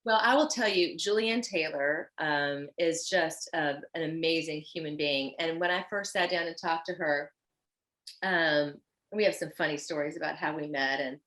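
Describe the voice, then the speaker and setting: Woman designer guest, low-pitched, warm-hearted effusive storyteller in casual interview. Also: moderate pace, poor audio. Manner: earnest and effusive, animated when telling stories.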